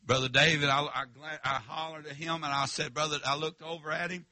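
A man's voice: on the high side, level tone, brisk, sharp tone. A male preacher, telling a story in a revival sermon in a folksy, emphatic way and calling out to the congregation.

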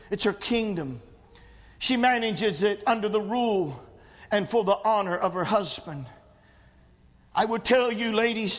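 A man delivering a sermon in a church, his voice sitting very high and rising into shouts, with many "uh" fillers between phrases. The sound rings with a long hall reverb. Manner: preaching cadence, frequent "uh" fillers, rising to shouts. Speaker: preacher. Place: church sanctuary.

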